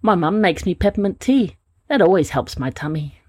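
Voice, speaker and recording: A woman's voice: on the low side, very animated, normal speed, darkish tone, no echo, studio quality. A woman voicing an anxious young male rock fairy in a storybook reading. She makes him nervous and eager, stammering now and then.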